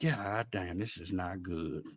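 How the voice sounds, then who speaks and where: A man hosting a live stream, out of breath, talking in a loud, rambling, profanity-heavy way. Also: sits low, takes it slowly, dry recording. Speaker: host. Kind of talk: casual stream commentary.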